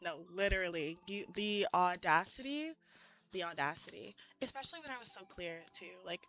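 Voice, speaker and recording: Bright-voiced woman streamer telling a story. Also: on the low side, moderate pace, soft background music. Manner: animated, laughing, heavy use of "like". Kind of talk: casual storytelling chat. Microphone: streaming mic.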